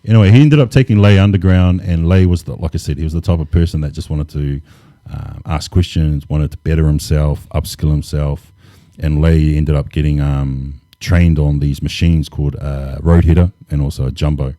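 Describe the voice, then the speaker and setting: A man, relaxed and laid-back, telling stories as an interview guest with lots of casual fillers. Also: extremely low pitch, normal speed, no room sound, studio quality. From New Zealand. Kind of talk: casual storytelling.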